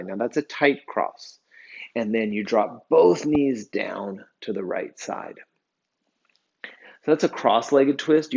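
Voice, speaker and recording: Male yoga teacher, gravelly and low, gives calm, steady cues through a dull lo-fi recording. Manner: calm, steady cueing of breath and poses. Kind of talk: guided yoga class instruction.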